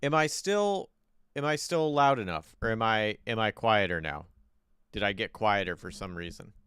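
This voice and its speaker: Smooth-voiced male streamer, dry close mic. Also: on the low side, lively intonation, normal speed, a bit bright, no room sound. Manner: fiddling with mic settings, thinking aloud, frustrated. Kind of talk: casual live-stream chat. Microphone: desk microphone.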